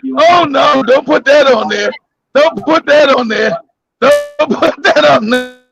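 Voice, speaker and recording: A man hosting a casual comedic talk show, telling stories loudly and laughing often. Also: very high-pitched, measured pace, vocal fry, a loud crowd. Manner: loud, laughing, animated storytelling. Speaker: podcast host. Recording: dull dry lo-fi audio.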